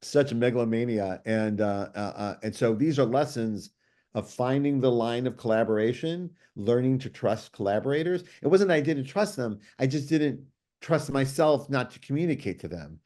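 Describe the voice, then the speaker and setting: A middle-aged man, a comics writer guest, telling stories in casual chat, animated and quick with many restarts and fillers. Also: mid-range voice. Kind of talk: casual storytelling.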